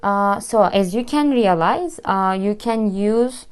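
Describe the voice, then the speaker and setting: Slow, patient Turkish woman teaching. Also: medium pitch, animated, clean tone. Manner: patient, explains step by step, repeats words slowly. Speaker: language teacher. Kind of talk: language lesson.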